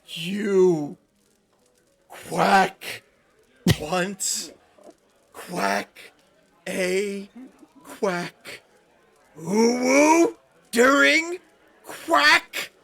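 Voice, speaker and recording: A man voicing a silly, chirpy quacking duck on a live stream, quacking slowly with high whoops. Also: creaky, a bit bright, heavily acted. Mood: goofy.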